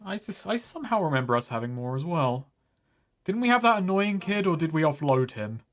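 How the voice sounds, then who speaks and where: A man's voice: on the high side, big pitch swings, fairly quick. A man playing a tabletop game, chatting in an offhand, joking way. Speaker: player. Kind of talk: casual tabletop game play.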